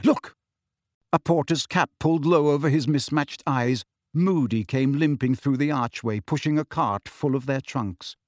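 A man giving expressive audiobook narration in a steady storytelling manner. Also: medium pitch, moderate pace, hardly any pauses, no room sound, studio quality. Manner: steady storytelling with shifting character voices.

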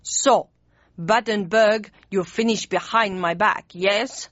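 A woman's voice: mid-range voice, steady tone, a bit bright, no echo. A woman voicing a pompous, hot-tempered old male German chancellor with stiff, jumbled formal speech in an audiobook. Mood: pompous, blustering. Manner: slow, heavy, deliberate delivery. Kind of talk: audiobook character voice. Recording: dry, slightly dull studio read.

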